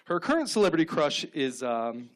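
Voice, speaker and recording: A man in his thirties performs a stand-up set on a club stage, his voice sitting a bit high for a man. He tells deadpan stories into a handheld mic and slips into quick acted-out quotes. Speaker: stand-up comedian.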